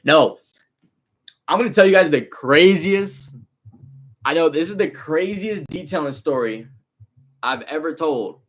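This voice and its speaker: Speaking unhurriedly and pausing often, this twenty-something San Francisco Bay Area man has a fairly high-pitched voice. He owns a car detailing business and chats on a casual livestream in loose, animated street slang.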